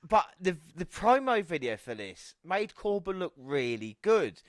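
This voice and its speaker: A man's voice: sits high, big pitch swings, measured pace. Man chatting, laughing and swearing. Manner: laughs often, swears casually. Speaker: podcast co-host. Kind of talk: casual wrestling chat.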